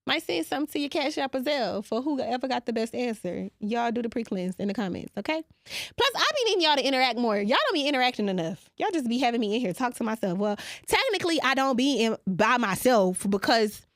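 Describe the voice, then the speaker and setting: A woman's voice: on the high side, expressive, fast talker, no echo, studio quality. A woman, hosting a podcast in a brash, profane, playful monologue. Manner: brash, profane and playful, talking straight to listeners. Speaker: podcast host. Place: small podcast studio. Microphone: studio microphone.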